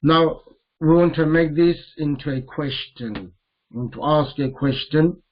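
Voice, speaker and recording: A man teaching a grammar lesson, repeating each Arabic term slowly as he mixes it into English explanations. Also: fairly high pitch, muffled recording.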